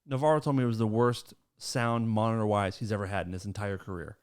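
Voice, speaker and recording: A man's voice: lowish voice, quick pace, clean tone. A young adult man hosting a podcast, telling a casual story with plenty of laughter and acted-out quotes. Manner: animated, laughs mid-story, acts out quotes. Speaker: podcast host.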